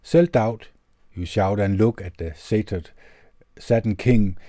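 A man with a Danish accent calmly reading a self-help book aloud on his channel, in a measured way. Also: on the low side, no room sound, studio quality. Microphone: tube studio microphone.

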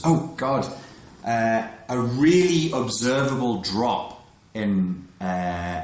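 A man talking in a frank, casual monologue, blunt and prone to restarting his sentences, who says he works with adolescents. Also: lowish voice. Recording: echoey room.

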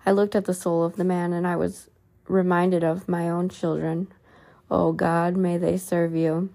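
A woman reading a religious book aloud in an earnest tone, adding soft asides of her own. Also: fairly low pitch, flat delivery, unhurried, vocal fry.

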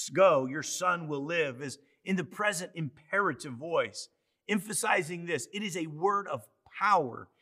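A man preaching with a high, bright, ringing voice. He is fervent and emphatic, and his volume swings from hushed asides to loud declarations in a full sermon. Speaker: pastor. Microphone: online church service.

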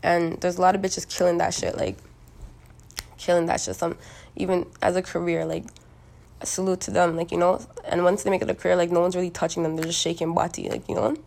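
Gravelly, hoarse young woman ranting bluntly. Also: fairly low pitch, level tone, brisk, darkish tone. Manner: blunt, profane, emphatic, with many likes and you-knows. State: hoarse from smoking. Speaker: solo monologue recorder. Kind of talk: rambling casual monologue.

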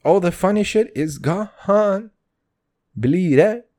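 A man's voice: high-pitched, animated, slow, darkish tone. A man in his twenties hosting a podcast alone, talking in a profane, rambling, slang-heavy casual monologue. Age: 20s. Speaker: podcast host.

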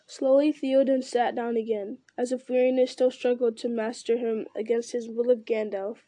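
A woman's voice: fairly high pitch, flat delivery, normal speed, mellow, no echo. Woman reading a fantasy story aloud. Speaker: reader. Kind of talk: storybook read-aloud narration.

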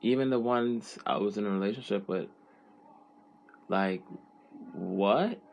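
A man with a lowish voice talks in a loose, rambling way on a podcast. He swears freely, drops slang and restarts his sentences often. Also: measured pace, vocal fry, a little hiss or hum. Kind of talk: casual chat.

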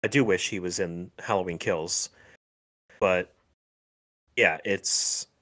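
Niski męski głos, pełen wahań. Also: male voice, low-pitched, bright, forceful tone. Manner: halting, many fillers and restarts, laughs often. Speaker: podcast co-host. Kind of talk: casual chat.

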